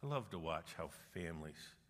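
A middle-aged man preaching a sermon, animated and humorous, rising to forceful exhortation. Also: deep voice, brisk. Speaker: pastor. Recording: long reverb of a large hall.

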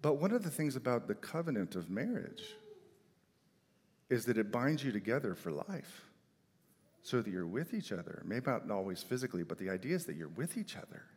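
A middle-aged man preaching a sermon with emphatic delivery, swinging between loud declarations and quiet, soft asides. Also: mid-range voice, sing-song, a little fast, husky. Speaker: pastor. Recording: long hall reverb.

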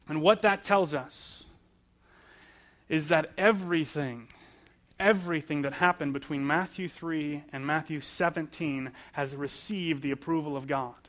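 Male pastor, a bit higher-pitched than most men, chatty sermon delivery that stacks up repeated phrases. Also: fairly bright tone. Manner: conversational, asks questions and answers them.

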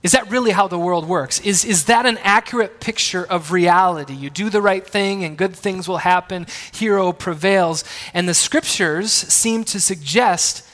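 High-voiced man preaching in a hall. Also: normal speed, few pauses, a bit bright. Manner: conversational, self-deprecating, asks the audience questions. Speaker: pastor. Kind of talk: sermon with family anecdotes. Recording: long reverb of a large hall.

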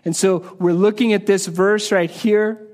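A man delivers a sermon with a voice sitting fairly high for a male speaker. His teaching is casual and conversational rather than formal, with frequent repeats and restarts as he unpacks the text. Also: steady tone, a little slow, darkish tone. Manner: repeats and restarts words while explaining. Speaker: pastor.

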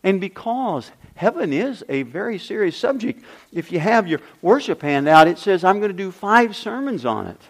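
Older guy pastor giving a sermon, kinda high voice, swings up and down a lot. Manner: emphatic preaching with repeated refrains and rhetorical questions.

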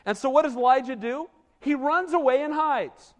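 A man's voice: extremely high pitch, normal speed, long reverb tail. A man preaching a sermon as a pastor, talking conversationally and often tossing "right?" to the congregation. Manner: animated, conversational preaching with frequent "right?" asides. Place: church.

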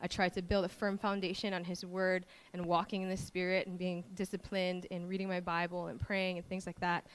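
A woman from Hawaii giving a personal faith testimony, telling her story in a lively way and acting out the voices she quotes. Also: fairly low pitch, fairly quick, hardly any pauses, clear, resonant tone.

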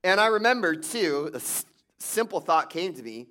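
Guy pastor preaching, kinda high voice, chatty storytelling, lots of restarts. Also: sing-song, normal speed, a bit bright. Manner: conversational storytelling with many restarts. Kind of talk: sermon.

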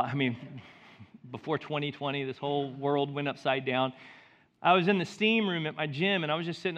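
Animated high-voiced male pastor preaching. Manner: animated storytelling, swinging from loud to soft. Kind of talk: sermon. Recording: dull lo-fi recording.

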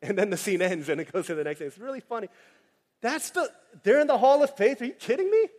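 Pastor, male, high voice, animated and jokey sermon delivery, long hall reverb. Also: quick pace. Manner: animated, joking asides, acts out quoted voices.

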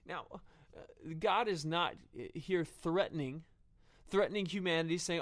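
Man, preacher, sermon, earnest, fairly high voice, halting with fillers. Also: fairly bright tone. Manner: earnest, frequent fillers and restarts.

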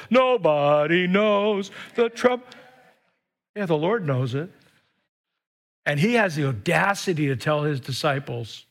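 A man preaching an animated sermon as pastor in a church, urging the congregation to say lines back and whooping between them. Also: very high voice, normal speed. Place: church with live stream. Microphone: microphone.

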